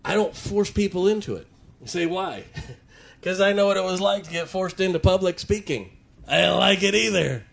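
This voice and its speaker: A man's voice: high-pitched, normal speed. A middle-aged man, preaching a sermon in church in a folksy storytelling manner. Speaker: pastor.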